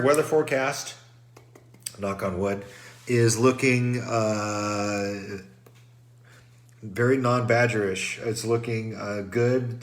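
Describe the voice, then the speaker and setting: A middle-aged man with a somewhat low voice gives a pre-race briefing to runners, stuffed up and congested from trail dust. He talks casually and loosely, full of ums and restarts, like a race director chatting through the rules. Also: a bit bright. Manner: casual and rambling, many fillers and restarts.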